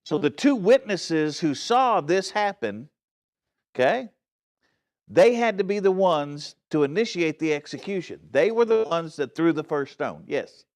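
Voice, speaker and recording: With a somewhat high, sing-song, slightly mellow voice, a man teaches a Bible study from the front of a church, unhurried and a bit raised in volume. He earnestly stresses his points and checks that listeners follow, often restarting phrases and correcting himself.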